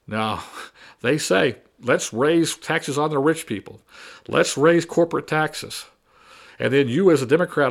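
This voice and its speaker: A man's voice: a little high, animated, unhurried, creaky. A man delivering a combative opinion monologue, repeating and mocking his opponents' arguments. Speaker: political commentator.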